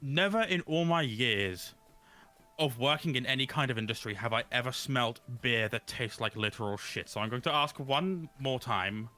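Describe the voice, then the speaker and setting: A man's voice: mid-range voice, moderate pace, sharp tone, soft background music, natural voice. A man voicing a prim, demanding patron in a tabletop game, stiffly formal. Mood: stern. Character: prim demanding male patron, polite then icy.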